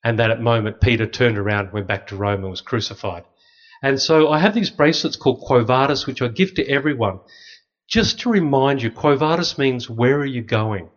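A middle-aged man, a priest, telling lively stories with dry humor to an audience. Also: medium pitch, normal speed. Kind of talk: storytelling talk to an audience. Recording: slightly dull lo-fi recording.

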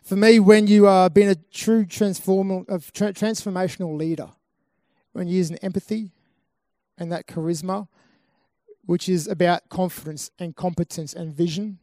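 A man's voice: sits high, fairly even intonation, moderate pace, warm tone. A man giving a live motivational talk to a festival audience, earnest and repeating phrases for emphasis. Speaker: speaker at a youth festival. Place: live event venue with an audience.

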